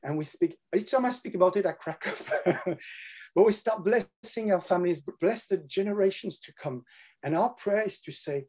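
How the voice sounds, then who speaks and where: An older man whose first language is French, talking earnestly about faith and prayer in a halting way, often repeating words. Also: high voice, warm tone. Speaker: guest. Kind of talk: casual Christian conversation.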